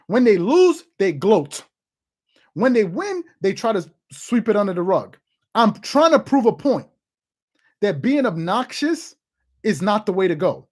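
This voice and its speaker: Thirty-something sports host, forceful and repetitive, ranting opinion piece to camera. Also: medium pitch, very animated, moderate pace. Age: 30s. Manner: emphatic and repetitive, hammering points home.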